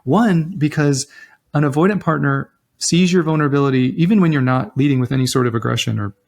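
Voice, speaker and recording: Co-host, male, higher register, animated advice-giver who quotes people as he goes. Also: fast, creaky. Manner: animated, acts out quoted voices, many restarts. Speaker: relationship podcast co-host. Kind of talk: casual advice chat.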